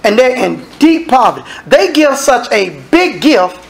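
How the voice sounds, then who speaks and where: A man preaching a sermon as minister, acting out dialogue and sometimes shouting. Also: extremely high pitch, big pitch swings, unhurried, creaky.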